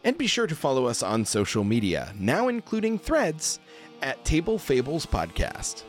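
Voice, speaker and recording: Lively man reading the credits. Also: fairly high pitch, normal speed, over music. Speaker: game master and podcast host.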